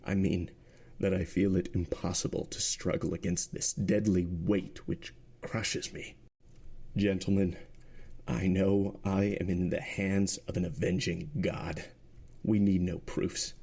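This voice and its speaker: A man voicing a broken male prosecutor who speaks in a hoarse, faltering voice. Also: sits low, little pitch movement, mellow, full character voice. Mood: crushed. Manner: slow, faltering, stammering.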